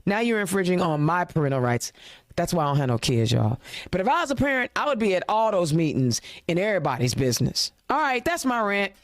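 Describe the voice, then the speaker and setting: A woman's voice: on the low side, very animated, fast talker, dry recording. Impassioned woman host, dry close sound. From Indiana. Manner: impassioned, ranting, rhetorical questions; chatty, informal. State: a little choked up. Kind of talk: political talk show rant.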